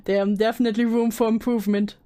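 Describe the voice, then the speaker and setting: Casting: chatty, giggly female streamer with a slightly high voice, blunt asides. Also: level tone, fast talker, mellow. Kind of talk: casual live-stream reaction.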